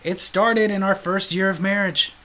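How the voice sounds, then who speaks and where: A man's voice: sits high, moderate pace, poor audio. A man hosting his own show, telling comic stories with jokes and frequent laughter. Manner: joking, animated, laughs often. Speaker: host. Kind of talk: comedic storytelling.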